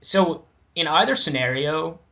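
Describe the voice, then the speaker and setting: A man's voice: on the high side, animated, unhurried, gravelly, pushed and bright. A young man hosting a casual chat with friends, laughing often and asking the others questions.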